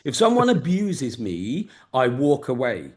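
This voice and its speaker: A mid-pitched English man with a Luton and Peterborough accent runs a casual mentoring session over a video call. He is blunt, sweary and straight-talking, the sound of a business mentor speaking plainly to his group. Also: huge pitch swings, a little slow, darkish tone.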